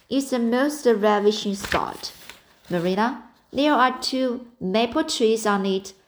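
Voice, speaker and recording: A woman's voice: medium pitch, close to an everyday voice. A woman reading the part of a dreamy, talkative orphan girl in an audiobook, in an earnest, romantic and breathless manner.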